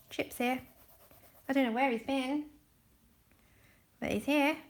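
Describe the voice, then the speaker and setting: A woman's voice: high voice, fairly even intonation, takes it slowly, pauses often. Chatty woman hosting a livestream. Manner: chatty, explains steps to viewers and thanks them by name. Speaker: livestream art host. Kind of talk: casual chat while demonstrating colouring.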